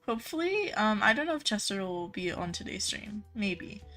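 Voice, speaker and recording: A woman's voice: mid-range voice, expressive, normal speed, pushed and bright. A young woman live-streaming a game, chatting casually with viewers, greeting them by name and gushing over cute things.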